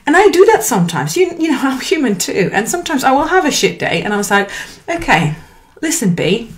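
Earnest woman coaching in her thirties. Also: fast talker. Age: 30s. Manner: earnest and encouraging, lively swings in pitch. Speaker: life coach. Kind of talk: motivational talk to camera.

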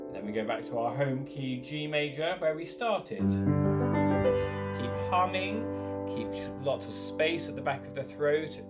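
A man leading a choir rehearsal, gently giving instructions, counting in and singing short lines for the singers to repeat. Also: mid-range voice, animated, normal speed, loud music behind the voice. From England. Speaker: choir leader. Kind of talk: online choir rehearsal, call and response.

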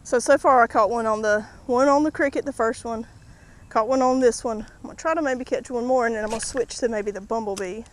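A woman's voice: a little high, a little fast, slight background noise, rough recording. A woman vlogging outdoors by the water, casually narrating each catch and chatting to the fish as she unhooks them. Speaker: fishing vlogger. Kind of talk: casual play-by-play while fishing.

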